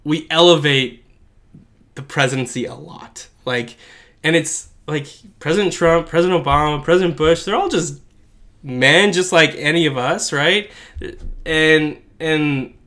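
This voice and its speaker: Bright-voiced joking man co-host. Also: fairly high pitch, unhurried. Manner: jokey, animated, many "like" fillers. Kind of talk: casual podcast chat.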